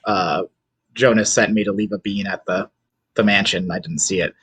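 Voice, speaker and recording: A man's voice: low-pitched, fairly even intonation, normal speed, a bit bright, slightly rough, no echo. A man playing a tabletop game, often stammering and restarting. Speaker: player. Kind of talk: casual tabletop play.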